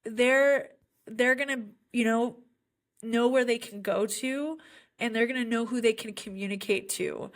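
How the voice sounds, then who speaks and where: A woman's voice: a little high, fairly even intonation, a little slow. Earnest woman teacher telling a story. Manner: earnest, heartfelt storytelling with frequent fillers. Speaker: special education teacher. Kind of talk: podcast conversation.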